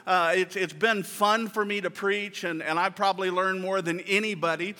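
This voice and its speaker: A male pastor preaching a sermon in a conversational way, joking with the congregation and slowing down for emphatic quotes. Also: high voice, steady tone, pushed and bright. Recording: reverberant hall sound.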